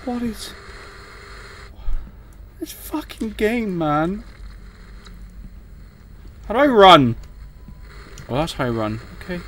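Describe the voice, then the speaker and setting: A man's voice: high-pitched, very animated, slow, long pauses, slight background noise. A young man, commentating a horror game as he plays, jumpy and swearing at it. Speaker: gaming streamer.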